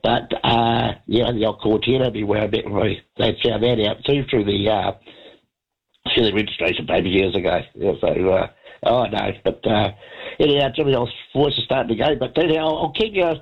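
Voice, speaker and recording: A man's voice: on the low side, normal speed, creaky, breathy edge. A man, a congested voice and a rambling, chatty manner, calling in to a radio show. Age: 70s. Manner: chatty, meandering, many restarts. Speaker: radio caller. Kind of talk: rambling casual phone chat. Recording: dull lo-fi radio phone line.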